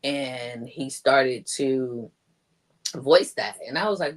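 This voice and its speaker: A woman's voice: rumbling low, slow pace. Woman telling a personal story. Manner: chatty, acts out quoted lines in a raised voice; heavy use of "like" fillers. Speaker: guest sharing her story.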